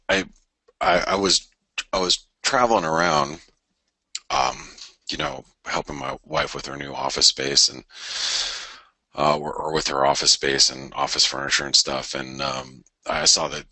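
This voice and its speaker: Middle-aged man, very low voice, bright forceful tone, dry close sound, stammering casual market chat. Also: dry recording. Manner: rambling, stammering restarts, thinking aloud. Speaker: forex trading show host. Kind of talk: casual live market commentary.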